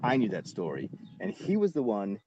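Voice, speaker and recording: A man in his forties, a guest actor on a podcast, telling a casual and lively story with lots of fillers and the odd swear word. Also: fairly low pitch, moderate pace, dull audio, a little hiss or hum.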